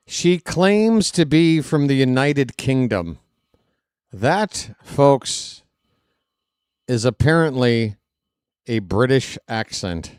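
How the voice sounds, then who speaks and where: A man's voice: mid-range voice, expressive, takes it slowly, long pauses, a little mellow, clean tone, dry recording. Dry, sarcastic man hosting. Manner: sarcastic, mocking. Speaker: host. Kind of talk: live stream commentary over a replayed clip.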